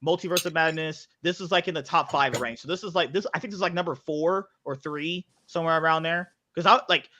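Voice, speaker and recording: Excitable, foul-mouthed guy, bright voice, muffled lo-fi mic. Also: on the high side, fairly quick, hardly any pauses. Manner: excitable, blunt and profane. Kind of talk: casual chat.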